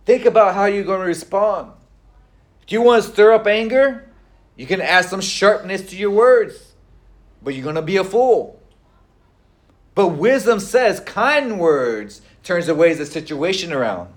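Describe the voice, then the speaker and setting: A middle-aged man preaching a sermon in a conversational way, with frequent fillers and pauses. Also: high voice, lively intonation. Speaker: pastor.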